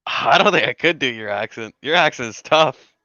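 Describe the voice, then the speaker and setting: A laid-back man co-hosts a casual live stream, quick to laugh. His voice is bright and lively, rising and falling a lot. The audio is dry and a little muffled. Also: medium pitch, no room sound. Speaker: co-host and debate partner.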